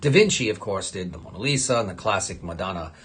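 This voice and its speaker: A man's voice: sits low, lively intonation, fast. Chatty man hosting an art livestream. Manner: chatty, enthusiastic, breaks into loud exclamations. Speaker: fantasy artist hosting a livestream. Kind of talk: casual livestream chat while signing cards.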